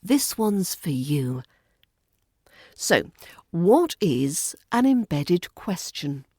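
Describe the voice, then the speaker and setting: A woman with a Southern English RP accent gives a scripted podcast lesson, speaking slowly and with care. Her tone is mellow and polite. The recording is dry and close, with no room sound. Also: lowish voice, sing-song, no room sound. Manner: clear, measured, polite teaching delivery. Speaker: British accent coach and podcast host.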